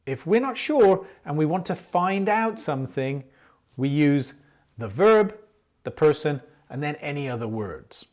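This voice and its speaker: An English teacher explaining a grammar lesson clearly and patiently, speaking example questions aloud. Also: medium pitch, expressive, unhurried, darkish tone.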